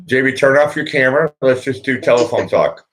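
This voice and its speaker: A man's voice: mid-range voice, fairly quick, a little hiss or hum. A man hosting a live stream show, chatting casually with lots of fillers and jokes. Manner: rambling, jokey, lots of fillers. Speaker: show host.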